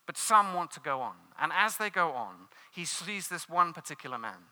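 Male preacher, sermon, earnest, emphatic, very bright tone, slightly high voice. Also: big pitch swings, normal speed. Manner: earnest, dramatic storytelling, emphatic repetition.

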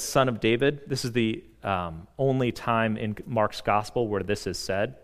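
A man's voice: on the low side, normal speed, hardly any pauses. Earnest preaching man in a reverberant hall. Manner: earnest preaching with emphatic swells and hushed passages. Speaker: pastor. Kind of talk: sermon.

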